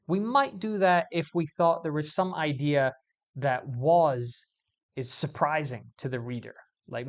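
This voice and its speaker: A man teaching English grammar in a video lesson, explaining clearly and stressing key words as he goes. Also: a little high.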